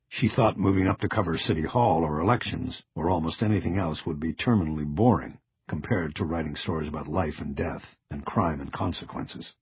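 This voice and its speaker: A man narrating a first-person audiobook in a measured, understated reading. His voice is very low and strongly husky. The sound is dry and slightly dull. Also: no room sound.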